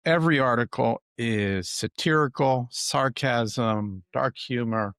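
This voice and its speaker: A man hosts a podcast interview in a conversational way. His voice has a gravelly edge. He frames long questions for his guest. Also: mid-range voice, takes it slowly, a bit bright, no echo, clean studio sound. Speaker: podcast host.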